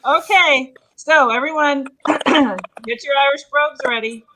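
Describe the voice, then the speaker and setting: A woman's voice: high-pitched, measured pace, noisy background. A woman hosting an online improv game in a casual, bubbly way, laughing often.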